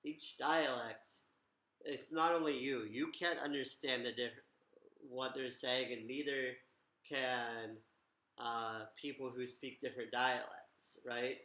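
A man hosting a casual chat, asking curious guiding questions at an unhurried pace. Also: medium pitch, fairly even intonation, bright, forceful tone, roomy sound, rough recording. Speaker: host. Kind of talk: casual language-learning podcast chat.

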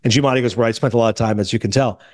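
A man hosting a casual movie podcast, telling stories quickly and acting out the people he quotes. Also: medium pitch, no room sound, clean studio sound. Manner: fast, animated storytelling with quoted voices. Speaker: podcast host.

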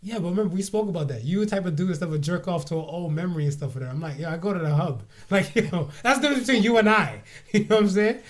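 High-voiced laughing man telling stories. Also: racing, hardly any pauses. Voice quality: naturally high-pitched voice. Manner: laughs often, animated storytelling. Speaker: podcast host. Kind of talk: casual chat.

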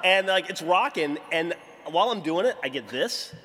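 A man's voice: sits high, brisk, in a large hall, noisy background. A man co-hosting a podcast, telling a story in casual chat and acting out the quotes. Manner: lively storyteller who acts out quotes. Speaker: podcast co-host.

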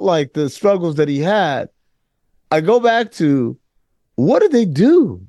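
A man co-hosting a casual sports talk show, emphatic and animated, often mimicking other voices. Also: fairly high pitch, no echo, studio quality. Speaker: podcast co-host.

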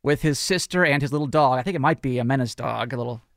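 A man co-hosting a morning radio show, telling a funny story in a lively way and laughing along with the others. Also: medium pitch, fast, dry recording, clean studio sound. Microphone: studio mic.

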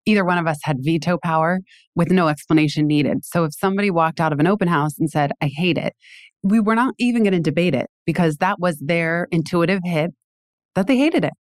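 A woman hosting an interview, telling stories in an animated way with emphatic repeats. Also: on the low side, fairly quick, no room sound, clean studio sound. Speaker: podcast host. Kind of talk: conversational interview.

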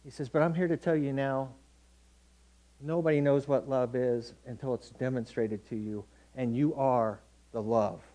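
Mellow-voiced man preaching conversationally. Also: medium pitch, steady tone, moderate pace. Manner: conversational, anecdotal preaching with acted-out quotes. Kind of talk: sermon.

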